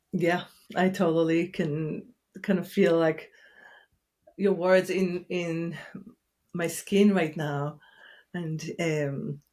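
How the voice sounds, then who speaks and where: Woman, therapist, gentle, soothing, unhurried, reflective talk. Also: fairly low pitch. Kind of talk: reflective conversation.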